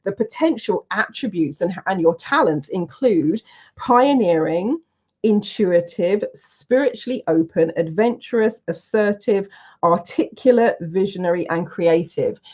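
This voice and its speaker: A woman in her forties, a coach from the United Kingdom, telling her story to an online audience in an animated, emphatic way from a room at home. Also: medium pitch, a little slow. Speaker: coach and soul plan reader. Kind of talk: casual talk to an online audience. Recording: slightly dull, lo-fi audio.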